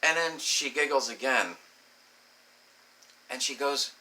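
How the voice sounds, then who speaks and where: A man's voice: medium pitch, slow pace, long pauses, sharp tone, rough recording. A man telling a crude personal story as a rambling, profane vlog monologue, laughing often and saying "you know" a lot. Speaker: vlogger.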